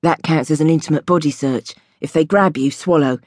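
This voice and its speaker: A woman's voice: low-pitched, a little fast, darkish tone, no echo, clean studio sound. A woman voicing a streetwise man who gives crude, blunt advice.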